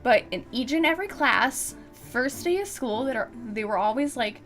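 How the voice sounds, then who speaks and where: Young woman rambling through a game playthrough, bright high voice, faint music. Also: lively intonation, moderate pace, hardly any pauses. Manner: chatty, rambling, self-deprecating. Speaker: let's play host. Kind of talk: game commentary and reading.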